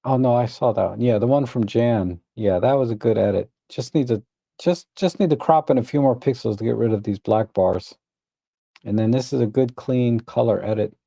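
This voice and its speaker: A man hosting a live photo editing stream, reviewing viewers' edits in a relaxed, rambling way with many restarts. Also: mid-range voice, moderate pace, vocal fry, no echo. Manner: relaxed, rambling, self-correcting with frequent restarts; tired, admits yawning. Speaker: photo editing livestream host. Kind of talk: casual live commentary.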